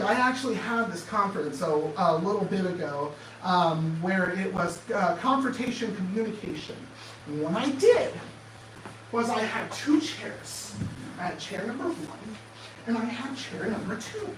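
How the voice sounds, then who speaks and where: A man giving an animated motivational talk, firing off sarcastic rhetorical questions in a presentation room. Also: high-pitched, moderate pace, slight background noise. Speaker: speaker. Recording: echoey room, distant mic, faint ambience.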